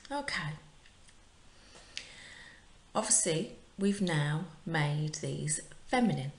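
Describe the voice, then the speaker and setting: Slow, low-voiced woman teaching. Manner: clear, patient, drills words for repetition. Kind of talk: recorded remote language lesson. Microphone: home recording for remote class. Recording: echoey room.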